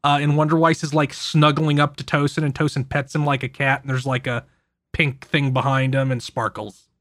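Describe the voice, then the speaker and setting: A man hosting a podcast who casually recaps an anime, telling it in an animated, profane way. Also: medium pitch, normal speed, no room sound, studio quality. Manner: animated, profane storytelling with frequent laughs. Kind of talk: casual chat.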